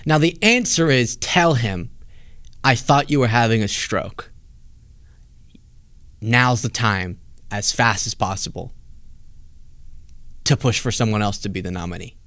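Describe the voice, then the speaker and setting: A man's voice: medium pitch, lively intonation, measured pace, pauses often, fairly bright tone, dry recording. A man hosting a political commentary show, reacting to interview clips with sarcastic, mocking asides. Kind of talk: casual commentary over clips.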